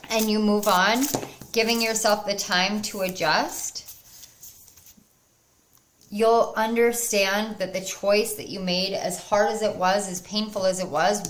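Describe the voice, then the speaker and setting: A woman giving a spiritual pick-a-card tarot reading to her viewers, earnest and encouraging, at times bursting with excitement. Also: mid-range voice, a little hiss or hum. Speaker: tarot reader.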